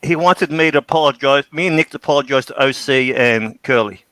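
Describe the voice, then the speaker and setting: A man's voice: mid-range voice, a little fast, sharp tone, no room sound, rough recording. A man on a live-stream panel, joking and self-mocking.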